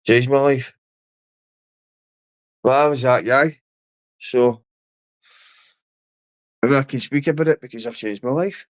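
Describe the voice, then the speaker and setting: A medium-pitched man from Glasgow speaks slowly, leaving long pauses, on a lo-fi recording with no room sound. In his Glaswegian accent, he aggressively taunts and swears at a rival during a confrontational livestream rant.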